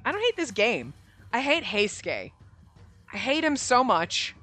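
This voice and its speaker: A woman's voice: on the high side, big pitch swings, moderate pace, bright, forceful tone. A young woman giving sarcastic, exasperated commentary with frequent swearing while playing and reading a visual novel aloud. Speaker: gaming streamer. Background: faint game music.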